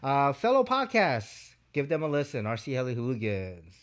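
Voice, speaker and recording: A man's voice: mid-range voice, wildly swooping pitch, moderate pace. A man co-hosting a hobby podcast in loose, joking chat, swearing freely and laughing often. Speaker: podcast co-host.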